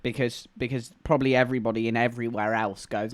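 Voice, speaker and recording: A man's voice: mid-range voice, little pitch movement, fast talker, dry recording. A man with an English accent, chatting casually and rambling to viewers on a live stream. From England.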